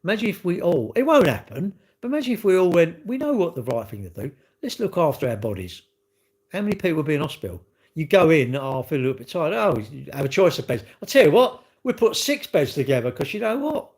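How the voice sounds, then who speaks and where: Cheeky rambling man, lively pitch. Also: fast talker. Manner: cheeky, rambling, acts out quoted exchanges. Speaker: livestream host reading chat. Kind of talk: casual chat with viewers.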